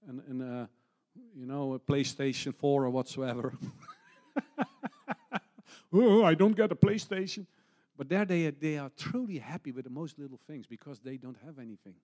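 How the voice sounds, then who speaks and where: A middle-aged man preaching a heartfelt sermon, telling stories in an earnest, unhurried way. His English has non-native phrasing and he often restarts his words. His pitch sits in an ordinary middle range. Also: a little mellow. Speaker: missionary pastor.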